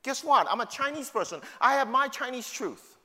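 Lively, bright-voiced preacher with New York accent. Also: male voice, very high voice, normal speed. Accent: New York City. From New York City. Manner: emphatic, full of rhetorical questions. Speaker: pastor. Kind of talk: sermon. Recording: long hall reverb.

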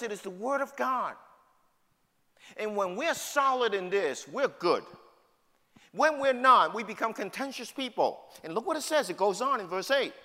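Lively, bright-voiced preacher with New York accent. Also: male voice, very high voice. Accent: New York City. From New York City. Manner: emphatic, full of rhetorical questions. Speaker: pastor. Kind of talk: sermon. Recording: long hall reverb.

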